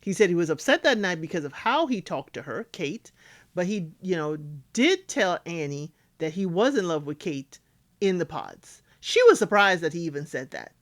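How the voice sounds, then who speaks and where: A woman's voice: fairly low pitch, expressive, normal speed. A woman giving casual recap commentary on a reality dating show, acting out cast members' lines as she talks.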